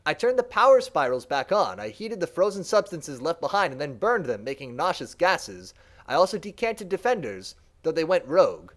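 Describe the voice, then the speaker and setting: A man's voice: a little high, sing-song, moderate pace, a bit bright. A man voicing a lonely, fawning male servant creature while reading game dialogue aloud. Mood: earnest. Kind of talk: let's play dialogue read-aloud.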